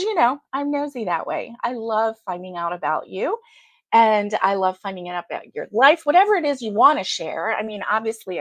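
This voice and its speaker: A woman's voice: mid-range voice, a bit bright, no room sound. A woman hosting a casual live chat, greeting viewers by name and laughing often. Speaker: livestream host.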